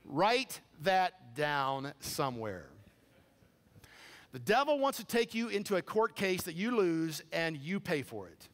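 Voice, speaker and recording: A man preaching a sermon, telling a story with animated, incredulous quoted dialogue. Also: fairly high pitch, unhurried. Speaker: pastor. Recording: long hall reverb.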